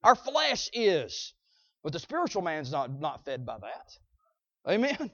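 A male preacher delivering an emphatic sermon, punctuating his points with "Amen?" and swinging from shouts to quiet asides. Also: on the high side, wildly swooping pitch, takes it slowly, dry recording. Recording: dull, dry lo-fi recording.

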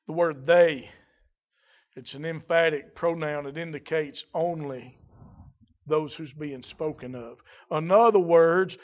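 A male preacher delivering a sermon, moving from quiet explanation to loud, drawn-out exclamations. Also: a little high, highs cut off. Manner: swings from quiet teaching to shouted, drawn-out exclamations.

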